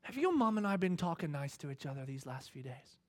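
A man's voice: fairly high pitch, quick pace. A man in his thirties preaching a sermon, telling a personal family story and acting out the voices in it. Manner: animated, acts out voices in his stories. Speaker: pastor.

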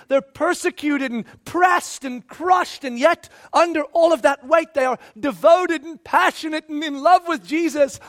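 A man's voice: extremely high pitch, a bit bright. A middle-aged male pastor preaching a sermon, emphatic and repeating himself as he acts out quotes.

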